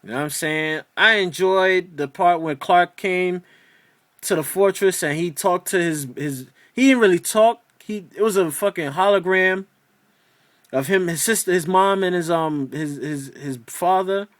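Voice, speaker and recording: A man's voice: high voice, unhurried, a bit bright, no echo. A man ranting in a casual video review of a TV episode, exasperated and profane, rambling with many restarts.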